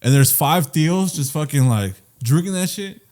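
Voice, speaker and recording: A young man co-hosting a casual comedy podcast, crude and excitable, spinning wild hypothetical scenarios. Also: on the high side, moderate pace. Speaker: podcast co-host.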